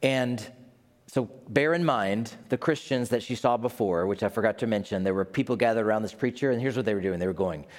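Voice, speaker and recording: A man's voice: lowish voice, a little fast. A male pastor preaching a sermon, telling a story with playful asides. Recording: long hall reverb.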